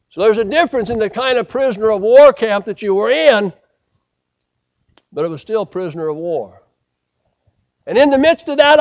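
Male preacher, from the United States, high voice, swings loud to hushed, muffled lo-fi recording. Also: clean tone. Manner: dramatic swings from loud to hushed, acting out quotes. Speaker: pastor. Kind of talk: sermon.

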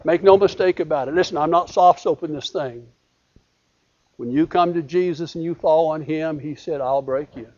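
Preacher man swinging loud to hushed. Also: fairly high pitch, normal speed. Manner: dramatic swings from loud emphatic to hushed quoting; repetitive cadence. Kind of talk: sermon. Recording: dull lo-fi recording.

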